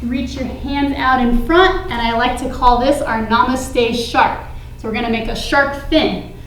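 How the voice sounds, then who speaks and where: A high-pitched woman guides a children's yoga class with encouraging, playful instructions. She slips into a sing-song lilt to keep the kids engaged. The sound is roomy and echoey, with a faint hum of ambience. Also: unhurried, a bit bright.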